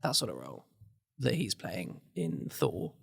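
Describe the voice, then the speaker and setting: A man co-hosting a casual podcast, talking in a relaxed, playfully teasing manner. His voice sits at an ordinary middle pitch for a man. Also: unhurried, gravelly, husky. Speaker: podcast co-host. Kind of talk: casual chat.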